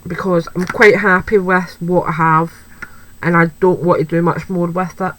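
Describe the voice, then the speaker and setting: A woman's voice: fairly low pitch, level tone, moderate pace, fairly bright tone, low-quality recording. A woman chatting through a card-making tutorial, thinking aloud as she works and making light of her own slips. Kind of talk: craft tutorial, talking while working.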